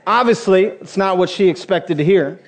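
A man's voice: high voice, moderate pace. A man preaching a sermon to a congregation, telling funny personal stories in a conversational way. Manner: humorous storytelling, conversational. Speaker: pastor. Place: church before a congregation.

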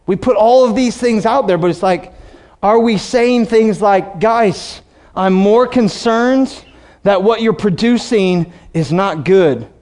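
A pastor preaching a sermon, animated, slowing down to read scripture and acting out quotes. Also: male voice, high-pitched. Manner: animated preaching, reads scripture slowly, acts out voices.

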